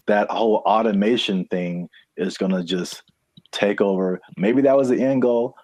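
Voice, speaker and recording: A deep, low-pitched man from California chatting on a podcast in a laid-back way. He laughs easily and lets his sentences trail off. The sound is dry and close. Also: moderate pace, darkish tone, dry recording. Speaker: podcast co-host. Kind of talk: casual podcast chat.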